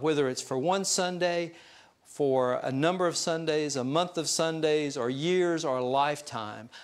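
A male pastor preaching a sermon, telling stories in a folksy, self-deprecating way. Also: a little high. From US South mountain region. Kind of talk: sermon storytelling.

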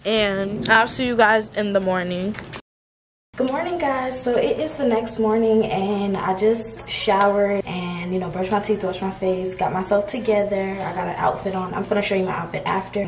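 A woman's voice: mid-range voice, roomy sound, slight background noise. Chatty young woman vlogging from a hotel room. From Georgia, USA. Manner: chatty, relaxed, slangy, addresses viewers as y'all. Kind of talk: casual vlog chat to camera.

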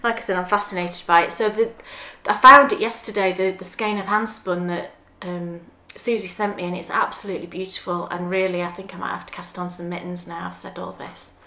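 A woman's voice: on the low side, fairly even intonation, fairly quick, few pauses, sharp tone. A woman co-hosting a podcast in casual, enthusiastic chat and laughing easily. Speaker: podcast co-host. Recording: roomy echo.

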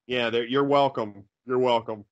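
A man's voice: medium pitch, fairly even intonation, normal speed, highs cut off. A man co-hosting a riffing movie commentary in a laid-back, wry way. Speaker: co-host.

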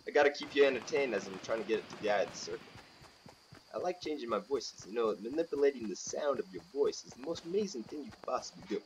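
A man's voice: mid-range voice, lively intonation, quick pace, slight background noise. A man doing casual, goofy gameplay commentary as a gaming YouTuber, a bit sick and coughing, sliding into silly voices. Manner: goofy, jumps into silly voices and off-key singing.

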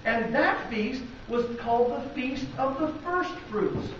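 A man's voice: very high-pitched, expressive, measured pace, fairly bright tone, slight background noise. A man with a Midwestern American accent preaching a sermon in a church, talking conversationally and asking the congregation rhetorical questions. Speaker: pastor. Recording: very echoey, distant, dull lo-fi.

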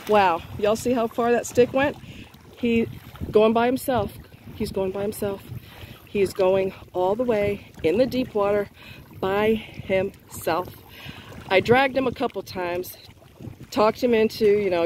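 A woman's voice: medium pitch, a little slow, a little mellow, a little hiss or hum. A woman chatting casually to her viewers outdoors by a lake, coaxing and praising her dog. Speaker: vlogger. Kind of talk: casual vlog commentary.

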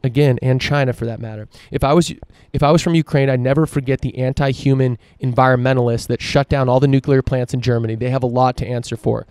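Man, podcast host, profane emphatic monologue, smooth voice, dry close sound. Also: medium pitch, fairly even intonation, quick pace, few pauses, darkish tone, dry recording. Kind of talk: solo opinion podcast monologue.

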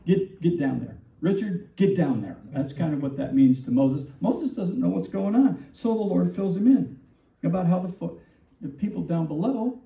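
Male pastor, mellow and animated, preaching with rhetorical questions; distant, muffled church recording. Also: sits high, creaky, reverberant. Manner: animated, rhetorical questions, acts out quoted lines. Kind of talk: sermon.

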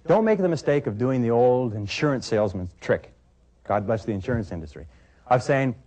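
A man's voice: mid-range voice, darkish tone. A middle-aged man giving a sales training talk, coaching emphatically and acting out both sides of phone calls.

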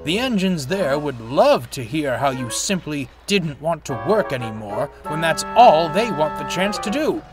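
A man's voice: medium pitch, sing-song, unhurried, over music. A man voicing a good-natured male diesel engine with a friendly, encouraging manner. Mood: angry.

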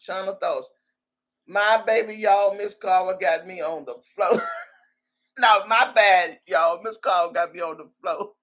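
A woman with a medium-pitched, unhurried, slightly bright voice hosts a live stream in a casual, chatty manner. She laughs a lot and teases, calling out viewers' names and comments one after another.

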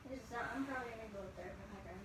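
Fast-talking woman in an echoey, noisy room. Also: a little high, fairly bright tone. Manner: chatty running commentary on own play. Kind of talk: casual chat while playing a video game.

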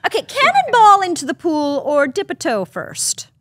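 A woman's voice: extremely high pitch, huge pitch swings, normal speed, fairly bright tone. A woman co-hosting a chat podcast, enthusiastic and laughing often. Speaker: podcast co-host. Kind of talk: casual chat.

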